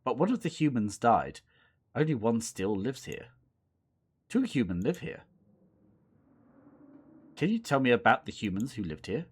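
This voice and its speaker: A man's voice: mid-range voice, sing-song, fairly quick, slightly rough. A young man casually commentating and reading aloud a horror game, playful and rambling, often mocking himself. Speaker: let's play host.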